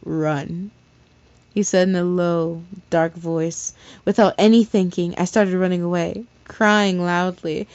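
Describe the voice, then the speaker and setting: A woman's voice: lowish voice, darkish tone, dry recording. A woman reading a fan fiction story aloud in a casual way, stumbling over words and correcting herself. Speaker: story reader. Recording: slightly dull lo-fi recording.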